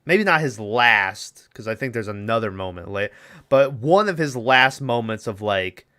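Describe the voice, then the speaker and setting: A man's voice: mid-range voice, lively intonation, unhurried, bright, forceful tone. A young man co-hosting a podcast, casually recapping a movie in a rambling, profane way and acting out its lines. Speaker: podcast co-host.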